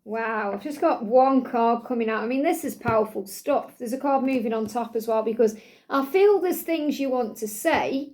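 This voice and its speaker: Host, woman, high pitch, soothing and earnest spiritual card reader talking straight to camera audience. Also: normal speed, darkish tone. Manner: soothing, earnest, speaks for the listener in quotes. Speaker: tarot reader and channel host. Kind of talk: spiritual card reading monologue.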